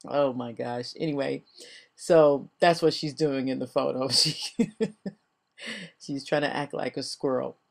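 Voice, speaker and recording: Low-voiced older woman, chatty crafter. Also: steady tone, measured pace, gravelly, long pauses. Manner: chatty and rambling, laughs often. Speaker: crafting vlogger. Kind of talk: casual voice-over narration of a craft video.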